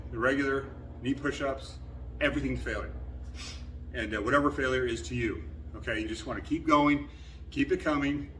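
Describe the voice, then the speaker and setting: A man's voice: mid-range voice, pushed and bright, distant mic, slight background noise. A man coaching a push-up workout in a plain, casual way with many fillers, a little winded from exercising. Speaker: fitness trainer. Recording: echoey room, voice from afar.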